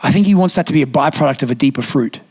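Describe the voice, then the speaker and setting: A young man preaching a sermon in a church, telling stories in a lively, conversational way with casual fillers. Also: on the high side, racing, slightly rough. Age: young adult. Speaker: pastor. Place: church auditorium.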